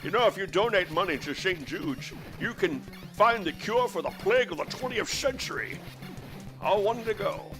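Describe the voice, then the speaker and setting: A man's voice: high voice, expressive, moderate pace, music in the background, poor audio. A man putting on a drawling impression of an elderly professor father with a slurred, lispy S, rambling while playing a game. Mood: mock-dramatic. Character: gruff elderly Scottish professor father, lecturing. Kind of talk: comedic impression during a game stream.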